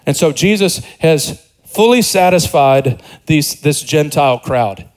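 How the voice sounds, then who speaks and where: A man's voice: on the high side, expressive, measured pace, low-quality recording. A man preaching an expository sermon in a conversational way, repeating words and dropping joking asides.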